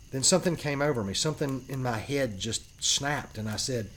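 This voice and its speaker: A man narrating a first-person paranormal story as a podcast host, earnest and emphatic with dramatic pauses. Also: medium pitch, a bit bright, slight background noise.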